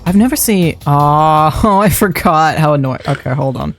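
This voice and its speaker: A man's voice: on the high side, lively intonation, normal speed. A man livestreaming a game, chatting and muttering his thoughts aloud as he plays. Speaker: streamer. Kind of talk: live game-stream commentary. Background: faint background music.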